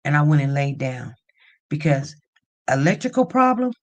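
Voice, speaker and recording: A woman tells a story on her livestream in a casual, chatty way. Her delivery is animated, and it climbs to loud near-shouts when she gets worked up. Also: sits low, normal speed. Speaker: livestream host.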